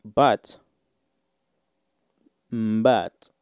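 A man's voice: lowish voice, very slow, a little mellow, clear, resonant tone, no room sound, studio quality. A man hosting a solo podcast, rambling in casual slang with lots of fillers. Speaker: podcast host.

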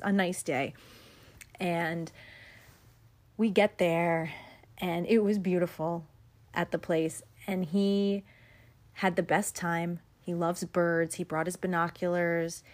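A mother hosting her own podcast, telling a personal story in a candid, chatty and reflective way. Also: lowish voice. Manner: candid, chatty, self-deprecating. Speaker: podcast host. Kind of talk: casual reflective podcast monologue.

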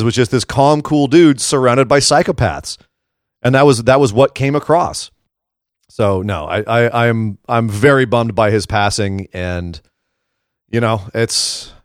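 A man co-hosting a casual wrestling podcast, talking in an animated way with quick asides and restarts. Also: mid-range voice, no room sound, clean studio sound. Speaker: podcast co-host. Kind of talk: casual wrestling news chat.

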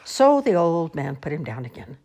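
A woman reading children's picture books aloud in an expressive, sing-song storytelling manner. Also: deep voice, normal speed.

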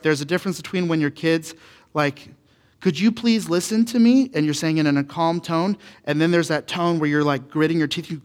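A man in his thirties, a pastor preaching a conversational sermon with repeated rhetorical questions. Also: on the high side. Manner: animated and repetitive, full of rhetorical questions.

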